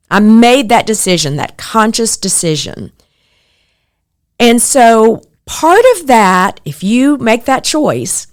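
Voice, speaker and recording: A middle-aged woman hosts a podcast, talking in an earnest, reflective way. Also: medium pitch. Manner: earnest, reflective, animated when quoting others. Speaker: podcast host. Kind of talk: personal podcast monologue.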